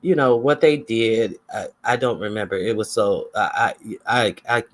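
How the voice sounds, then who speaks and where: A man's voice: lowish voice, moderate pace. A man giving casual, gossipy livestream commentary and chatting with his viewers.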